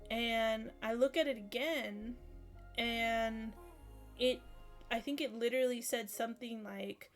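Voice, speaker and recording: A woman's voice: a little high, fairly even intonation, faint music behind. A woman telling a personal story in a casual way, acting out the quotes as she goes. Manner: slow, unhurried storytelling with acted-out quotes. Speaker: streamer on an esports channel.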